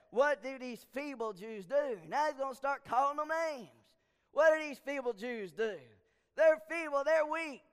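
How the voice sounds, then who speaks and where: A man's voice: very high-pitched, fairly bright tone. A man pastor preaching a sermon, hammering his points by repeating phrases. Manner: emphatic, repeats lines for stress. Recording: long hall reverb.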